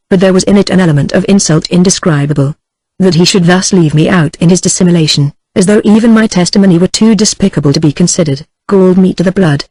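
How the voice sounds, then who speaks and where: A text-to-speech woman's voice with an American accent reading a classic novel aloud in an even synthetic cadence. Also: fairly low pitch, no echo, rough recording. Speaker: audiobook narrator.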